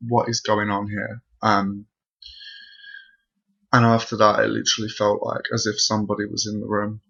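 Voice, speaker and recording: Creaky, husky young man rambling. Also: on the low side, a bit bright. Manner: breathless, rambling, full of fillers. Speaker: vlogger. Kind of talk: casual storytelling to camera. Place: bedroom at home. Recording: dull lo-fi home recording.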